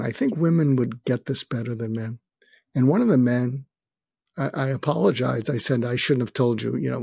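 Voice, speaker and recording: A man's voice: medium pitch, vocal fry, darkish tone, breathy edge, dry recording, studio quality. An older man, a guest on an interview show, telling candid personal stories with a wry touch and often quoting what others said to him. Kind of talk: reflective storytelling.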